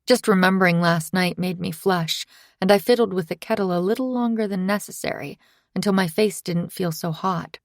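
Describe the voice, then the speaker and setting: A woman reading a first-person thriller in steady, scripted narration. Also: lowish voice, moderate pace, vocal fry, no echo, clean studio sound. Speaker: audiobook narrator.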